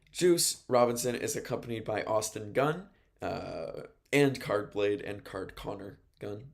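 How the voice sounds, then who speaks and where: Man, radio host, gravelly low voice, chatty rambling recap. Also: darkish tone. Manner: chatty, rambling, laughs at own note mistakes. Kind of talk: casual wrestling recap from notes.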